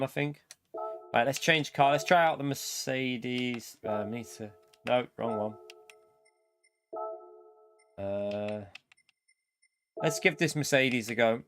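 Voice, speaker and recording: A man in his thirties commentating casually on his racing game live stream, often repeating and exclaiming. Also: medium pitch. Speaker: gaming streamer. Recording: noisy background with car sounds.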